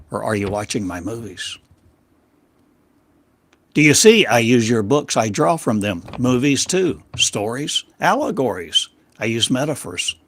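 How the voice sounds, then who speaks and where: Man preaching in halting rhetorical questions. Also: no echo. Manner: declamatory, rhetorical questions in short halting phrases; swings between loud emphasis and quiet low drops. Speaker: spiritual teacher. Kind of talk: channeled sermon.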